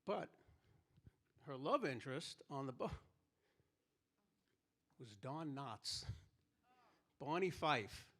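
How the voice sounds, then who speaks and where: A man's voice: medium pitch, very animated, takes it slowly, pauses often, a bit bright. A man performing a live stand-up routine on stage, telling stories and acting out the people in them. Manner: storytelling, acting out quoted characters. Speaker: stand-up comedian. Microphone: handheld stage microphone.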